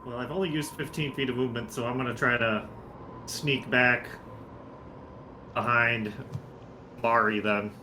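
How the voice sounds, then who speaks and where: A man's voice: mid-range voice, steady tone, measured pace, long pauses, sharp tone, slight background noise. A man playing a tabletop game, talking eagerly. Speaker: player. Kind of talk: casual game chat.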